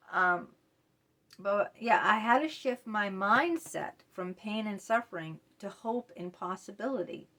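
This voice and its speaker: A woman's voice: mid-range voice, fairly bright tone. Earnest woman vlogger confiding to viewers. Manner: earnest, repeats phrases, speaks straight to viewers. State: voice tight, choked up. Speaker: self-help vlogger. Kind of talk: confessional talk to camera.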